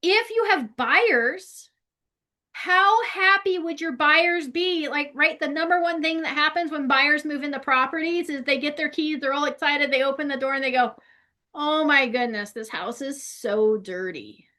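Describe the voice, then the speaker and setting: A woman's voice: high-pitched, normal speed, pushed and bright. A woman giving a casual real estate training talk, chatty and conversational, often checking in with "right?". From California.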